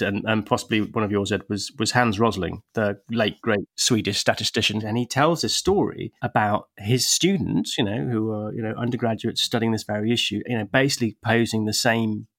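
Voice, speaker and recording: A man's voice: on the low side, fairly quick, hardly any pauses, a bit bright. A man on a casual podcast, explaining ideas step by step. He is thoughtful and talks through figures. He restarts his sentences often. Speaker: podcast panelist.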